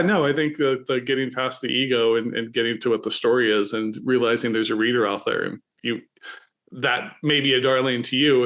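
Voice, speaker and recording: A man's voice: medium pitch, fairly bright tone. A man hosting a casual conversation among writers, chatty and trailing off into restarts. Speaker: podcast host. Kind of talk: casual chat.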